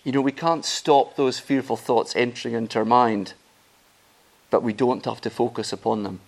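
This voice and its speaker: A man preaching a sermon, earnest and emphatic, rising in pitch and volume on key phrases. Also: fairly even intonation, moderate pace, creaky.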